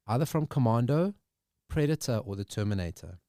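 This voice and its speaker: A man co-hosting a casual podcast chat, reading movie quiz questions with lively delivery. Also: medium pitch, a little fast, dry recording, studio quality. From South Africa. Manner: animated, reads movie quotes aloud. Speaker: podcast co-host.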